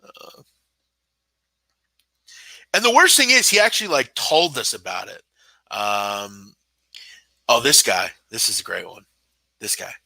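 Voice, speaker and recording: A man's voice: fairly high pitch, big pitch swings, a little slow, pushed and bright, no room sound. A young man hosting a live sports betting show, ranting with sarcasm, exasperation and heavy swearing. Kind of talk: live-stream casual rant.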